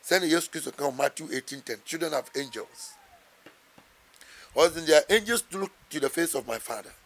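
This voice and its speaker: A Ghanaian man, a pastor, answers an interviewer in a fervent, sermon-like way, leaning on scripture as he speaks. His voice sits a little higher than most men's. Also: lively intonation, a little fast, a bit bright. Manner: earnest, quotes scripture, switches between English and Twi.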